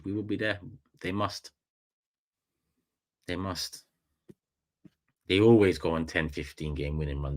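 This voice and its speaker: A man with a London accent hosting a casual livestream, animated and slangy, repeating phrases for effect. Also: low-pitched. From England. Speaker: livestream host.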